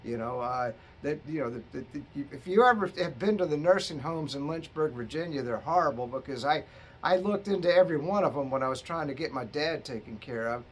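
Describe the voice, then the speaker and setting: Middle-aged man, high voice, tipsy, rambling and cursing. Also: animated, a little fast, slight background noise. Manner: profane, rambling storyteller. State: tipsy from drinking. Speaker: vlogger. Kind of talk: rambling casual monologue.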